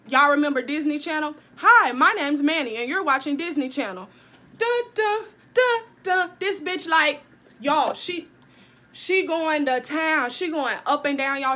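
A young woman vlogger telling a casual storytime, animated and profane, talking straight to her viewers. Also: sits high.

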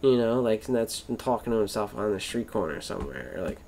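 A man's voice: fairly low pitch, sing-song, a little fast, darkish tone, a little hiss or hum. A man rambling through a casual monologue, swearing constantly, wandering between thoughts and trailing off mid-sentence. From Florida.

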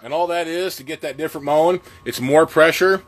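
A man's voice: a little high, fairly even intonation, fairly quick, heavy background noise. A man giving a casual lesson on goose calling, plainspoken and folksy, with plenty of filler words. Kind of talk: casual instructional talk.

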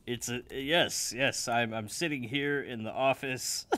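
A young man making a beat in his office, joking at himself, loud one moment and mumbling the next, still waking up. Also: medium pitch, unhurried, no echo. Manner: joking, self-mocking, swings between loud and mumbled. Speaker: music producer. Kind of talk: casual talk while making a beat. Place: home office.

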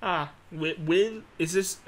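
A man's voice: high-pitched, slow pace, fairly bright tone. An Irish man interviewing in casual chat, with dry, joking banter.

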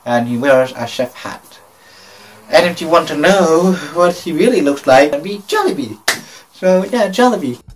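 A man narrating a casual travel vlog, hesitant and full of fillers and pauses. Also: a little high, animated, recorded from a distance, poor audio. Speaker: vlogger.

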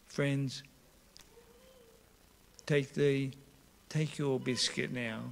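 Gravelly-voiced man leading prayer. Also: mid-range voice, fairly even intonation. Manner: slow, repetitive prayerful phrasing. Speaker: pastor.

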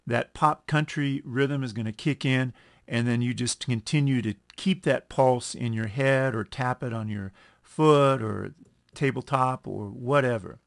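A man teaching a music lesson over a screen recording, explaining at an unhurried pace, correcting himself and counting beats aloud. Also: medium pitch, creaky. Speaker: music instructor.

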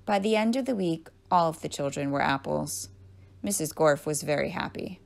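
Creaky-voiced woman reading a children's story. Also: low-pitched, lively intonation, normal speed. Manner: clear, storytelling read-aloud. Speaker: librarian.

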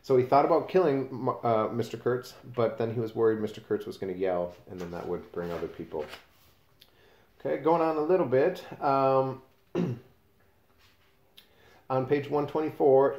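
A man's voice: medium pitch, lively intonation, moderate pace, gravelly, a little mellow. A man teaching a class, explaining a novel in a casual way and reading passages aloud with page numbers. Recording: roomy echo.

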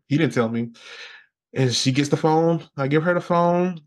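A man as a podcast guest telling a personal story in casual interview talk, rambling with fillers and jumping high in pitch when he quotes others. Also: normal speed. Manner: animated, jumps high when quoting others.

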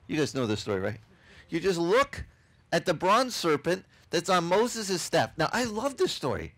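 A man preaching a sermon at an outdoor beach service, telling Bible stories in an animated way and acting out the voices of the people in them. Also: sits high, a little slow. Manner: animated storytelling, acts out voices of people and God. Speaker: pastor.

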